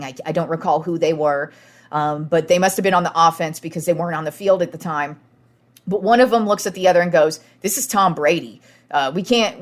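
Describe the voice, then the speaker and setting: A young woman hosting a sports podcast, talking casually and excitedly, swearing freely and acting out what players said. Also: on the low side. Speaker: podcast host.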